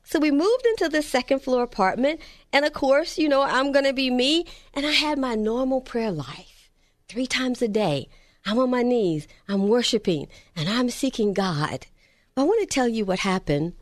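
A woman's voice: fairly high pitch, animated, moderate pace, dry recording, studio quality. A middle-aged woman from Texas preaching a sermon on prayer, telling stories fervently and at times dropping to a whisper.

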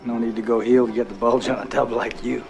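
Guy playing a cool taunting gunslinger, gravelly, loud music behind. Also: mid-range voice, natural voice. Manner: calm, slow, taunting. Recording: film audio over loud music.

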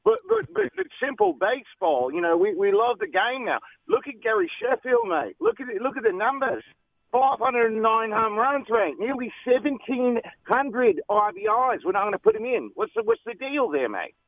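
A man's voice: extremely high pitch, sing-song, normal speed, gravelly, no echo. A man with an Australian accent calling in to a sports radio show, ending almost every line with "mate". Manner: says "mate" at the end of nearly every line. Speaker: caller. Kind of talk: call-in radio. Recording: tinny phone line.

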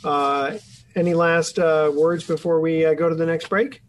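A man's voice: a little high, steady tone, normal speed, poor audio. A man hosting a radio interview show, chatty and rambling with lots of fillers.

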